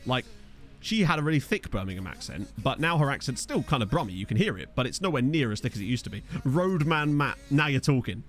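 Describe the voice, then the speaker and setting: Chatty man from Essex with lively pitch. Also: fast, soft background music. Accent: Essex English. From Essex, England. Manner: chatty, reads chat aloud, jokey asides. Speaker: streamer. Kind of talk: casual live-stream game commentary.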